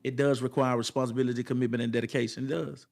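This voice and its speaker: A man with a mid-range, darkish voice and some vocal fry races through an emphatic, colloquial motivational talk to the camera, his tone level. He repeats lines in a preacher-like cadence and addresses viewers directly.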